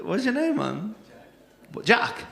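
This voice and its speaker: A man's voice: sits high, very animated, takes it slowly, vocal fry, a bit bright. A male comedy compere, doing brash, teasing crowd work full of swearing at a stand-up gig. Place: comedy club stage. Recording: echoey club room.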